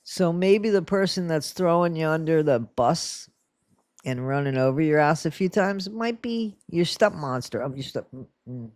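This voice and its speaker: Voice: mid-range voice, animated, moderate pace, a little mellow, dry recording. Vlogger in their sixties, blunt, sarcastic, scolding, profane, dry close sound. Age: 60s. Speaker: true crime commentator. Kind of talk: ranting vlog commentary.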